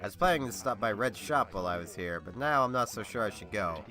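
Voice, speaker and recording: A man's voice: lowish voice, animated, fast, bright, forceful tone, soft background music. A man reading as a fussy genteel dog.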